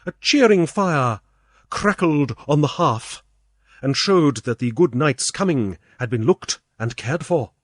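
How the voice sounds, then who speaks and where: A British man reads an old storybook aloud in a measured, expressive way. His voice sits a little high and moves widely in pitch. The recording is dry and close, with no room sound. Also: no room sound. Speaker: audiobook reader. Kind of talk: storybook narration.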